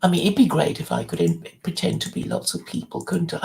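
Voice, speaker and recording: A woman hosting a livestream in casual chat, rambling with many restarts and soft, half-whispered asides. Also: lowish voice, animated, fairly quick, gravelly, a little hiss or hum, low-quality recording. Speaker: livestream host.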